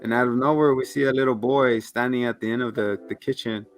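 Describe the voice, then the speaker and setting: A man talking loosely through a plot recap with a medium-pitched voice. He laughs easily and slips into quick impressions. Faint music plays behind him. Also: fairly even intonation. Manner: rambling, laughs often, acts out lines from the show. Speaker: podcast co-host. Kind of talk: casual review chat.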